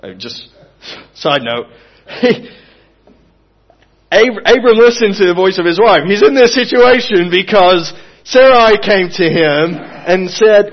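A man's voice: high-pitched, takes it slowly, long pauses. Earnest male preacher, dull lo-fi sound. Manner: earnest, expressive, swings from emphatic to hushed. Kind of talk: sermon.

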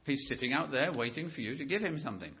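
A man preaching a sermon in a church, animated and stretching key words for emphasis. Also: mid-range voice, quick pace, lo-fi sound.

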